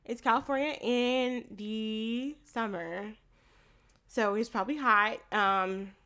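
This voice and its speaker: A woman co-hosting a casual movie review podcast, animated, laughing often and swearing freely. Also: a little high, slow, smooth. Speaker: podcast co-host.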